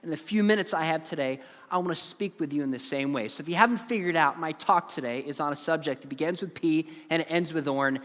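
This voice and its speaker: A man in his forties delivers an earnest, emphatic talk to a young audience and leans on stories. His voice sits high for a man. It carries a long, lingering reverb from a large hall. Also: fast, hardly any pauses, fairly bright tone. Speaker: conference speaker. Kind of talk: earnest conference talk to students.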